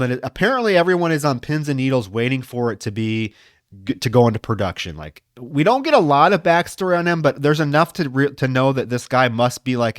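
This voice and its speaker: A man's voice: mid-range voice, dry recording, studio quality. A man on a podcast panel, casually retelling a film's plot with lots of filler words. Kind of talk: casual film discussion.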